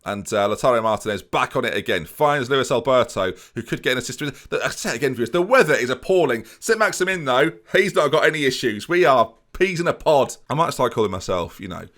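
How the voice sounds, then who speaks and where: Lively joking gaming commentator. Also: male voice, medium pitch, fast talker, hardly any pauses. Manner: playful, jokey, addresses viewers constantly. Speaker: gaming YouTuber. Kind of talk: let's play commentary.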